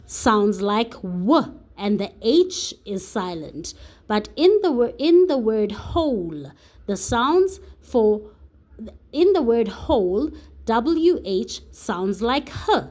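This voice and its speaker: A woman's voice: medium pitch, sing-song, takes it slowly, darkish tone. A woman tutor teaching a phonics and spelling lesson to young children, patiently sounding out letters and words.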